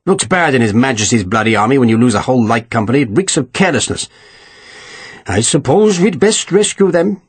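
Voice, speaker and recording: A man's voice: medium pitch, lively intonation, fast talker, hardly any pauses, breathy edge. A man playing a furious swearing old general. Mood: angry scornful. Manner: scornful, swearing, barking. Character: foul-mouthed irate older male general.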